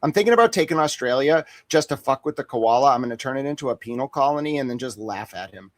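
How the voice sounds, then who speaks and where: A man talking in a casual livestream, his pitch sitting mid-range and his voice dry and close to the mic. He rambles through boastful, profane jokes, piling one riff on the next. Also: expressive, fast talker, no room sound. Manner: boastful, profane, joking riffs. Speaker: guest on a boxing talk stream.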